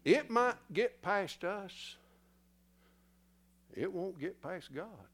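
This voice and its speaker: A man's voice: high voice, lively intonation, very slow, fairly bright tone. A man preaching a sermon in a church in a folksy, teasing way, somewhat out of breath. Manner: folksy, teasing the congregation, spells words letter by letter.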